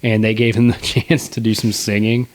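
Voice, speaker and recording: Laid-back young man with a low voice. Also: level tone, moderate pace. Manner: laid-back, rambling, lots of fillers and swearing. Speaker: podcast co-host. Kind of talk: casual movie review chat.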